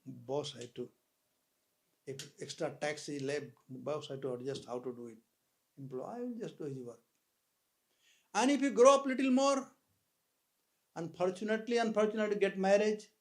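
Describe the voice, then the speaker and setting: High-voiced man giving a sermon. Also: lively intonation. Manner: storytelling with dramatic pauses, swells in loudness. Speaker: spiritual speaker. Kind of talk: sermon with anecdote. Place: live hall talk.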